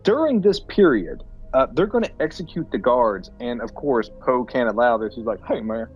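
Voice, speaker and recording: A man's voice: medium pitch, expressive, normal speed, breathy edge, dull audio, faint music behind. A man co-hosting a podcast, giving a wry plot recap with quoted impressions. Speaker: podcast co-host. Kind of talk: casual chat.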